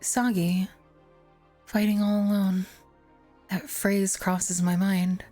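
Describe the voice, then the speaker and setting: A woman streamer reading a visual novel aloud with casual, quick asides. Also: mid-range voice, flat delivery, mellow, faint music behind.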